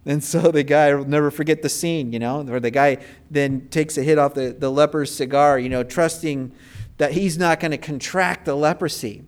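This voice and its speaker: A man's voice: fairly high pitch, steady tone, normal speed, smooth. A male pastor preaching a sermon, telling stories casually with fillers and rising bursts of emphasis.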